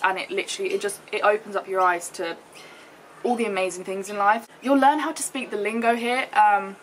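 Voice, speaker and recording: A woman's voice: medium pitch, a bit bright, slight background noise. A young woman from the UK, a travel vlogger chatting to camera in an upbeat, casual way, full of likes and fillers. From United Kingdom. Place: outdoors in the sun, later indoors.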